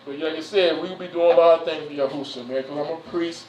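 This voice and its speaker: A man's voice: on the high side, steady tone, fast talker, a little mellow, a little hiss or hum. A man speaking as a church elder in an informal, folksy address, repeating himself and saying "you know" and "man" often. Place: church hall. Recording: roomy, distant, dull sound.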